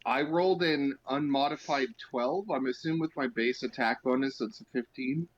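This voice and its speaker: A man playing a tabletop game, playful with a deadpan, literal streak. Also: medium pitch, normal speed. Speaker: player. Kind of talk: casual chat at a tabletop game. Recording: dull lo-fi sound.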